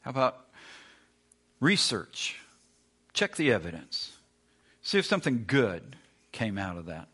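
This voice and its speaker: A man's voice: on the low side, sing-song, a little slow, long pauses, sharp tone, slightly rough. A man preaching a sermon with emphatic, repeated lines. He acts out the complaints of doubting listeners along the way. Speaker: pastor.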